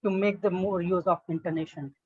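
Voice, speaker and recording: A man's voice: high-pitched, fairly even intonation, fairly quick, slightly rough, dull audio. A man practicing spoken English in an online lesson, talking hesitantly with restarts and "I mean"s. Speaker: English learner. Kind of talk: online one-on-one speaking lesson. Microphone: video call.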